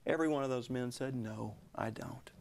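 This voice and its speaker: A man in his sixties, a guest author telling a personal story in a television interview, earnest and at times dropping to hushed tones. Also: mid-range voice, normal speed, creaky, a little hiss or hum.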